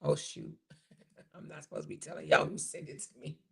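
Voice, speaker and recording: Hosting a casual commentary channel, a woman chats sassily with her viewers in a fairly bright tone, frequently pausing to find clips.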